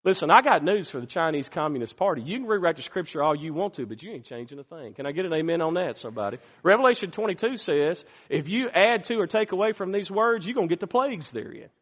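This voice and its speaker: Male pastor, fiery sermon delivery, fairly high voice, big church hall echo. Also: lively intonation, fast, few pauses, dull audio. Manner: preaching with sudden swings from hushed to loud. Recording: long reverb of a large hall.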